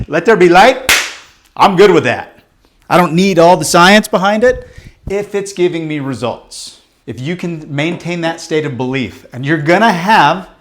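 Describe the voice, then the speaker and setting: A man coaching a live group in a motivational workshop, talking bluntly and emphatically, with casual swearing and rapid questions to the room. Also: high voice, fairly bright tone. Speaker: business coach leading a training.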